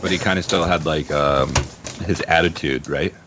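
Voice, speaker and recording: A man's voice: a bass voice, normal speed, background noise. A man co-hosting a podcast in casual chat, mostly giving short agreeing replies.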